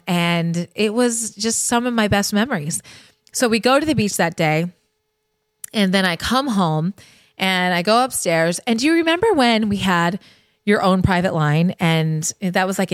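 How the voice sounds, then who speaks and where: Woman in her 50s from the US, podcast host, confiding storyteller, mid-pitched voice, dry close sound. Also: moderate pace, no room sound. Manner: chatty, confiding, addresses listeners directly. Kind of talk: personal storytelling.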